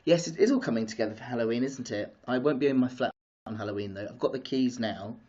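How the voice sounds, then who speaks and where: A man hosting a live stream, chatting excitedly with viewers and drifting off topic. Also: mid-range voice, fast talker. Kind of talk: casual live-stream chat. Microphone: streaming device mic. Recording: dull lo-fi live-stream audio.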